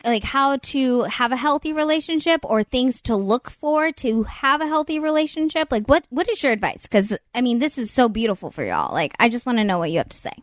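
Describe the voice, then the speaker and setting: A woman's voice: fairly high pitch, a bit bright, dry recording. Giggly, gushing woman podcast host. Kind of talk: casual chat.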